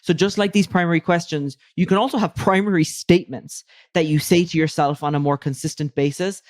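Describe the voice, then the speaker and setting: A woman's voice: on the low side, steady tone, fairly quick, darkish tone, dry recording, studio quality. A woman speaking as a guest coach in a casual podcast interview, emphatic and loose, with casual swearing.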